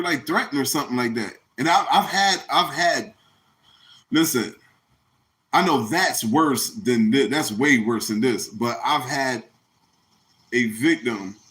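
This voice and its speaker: A man's voice: mid-range voice, a bit bright. A man hosting a podcast, talking bluntly and profanely in loose, rambling slang. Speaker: podcast host. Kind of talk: casual commentary.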